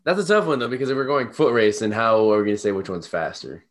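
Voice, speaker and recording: A man's voice: fairly low pitch, fast. A man co-hosting a podcast in casual chat, laid-back and agreeable as he moves the talk along. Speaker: podcast co-host.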